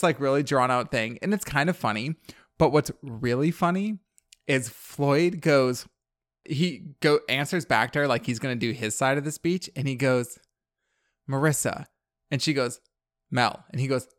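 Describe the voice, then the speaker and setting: A man's voice: mid-range voice, moderate pace. Guy on a podcast going over a movie plot, says like a lot, rambly and amused. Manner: rambling, heavy use of "like", laughs at his own recap. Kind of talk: casual chat recapping a movie.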